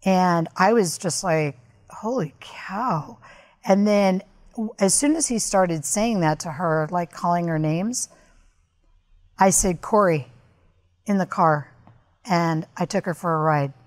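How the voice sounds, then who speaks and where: Woman guest, slightly low voice, earnest storyteller for a podcast interview. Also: unhurried. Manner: candid, earnest, recounting events at length. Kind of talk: personal storytelling in conversation.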